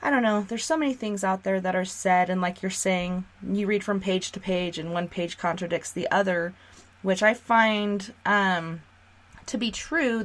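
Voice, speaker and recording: A woman hosting a radio talk show, sharing her beliefs earnestly in casual conversation. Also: medium pitch. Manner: earnest, talks through beliefs. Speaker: radio host.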